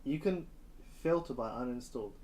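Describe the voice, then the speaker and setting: A man hosting a gaming podcast, cutting in with quick jokes during a casual chat. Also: mid-range voice, expressive, a loud crowd. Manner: joking interjections. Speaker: podcast host.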